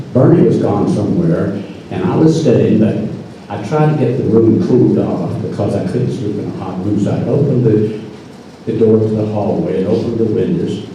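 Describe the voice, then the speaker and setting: Casting: older man, mellow dark voice, dry folksy live storyteller, distant mic in an echoey hall. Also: fairly low pitch, moderate pace, lo-fi sound, slight background noise. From North Carolina.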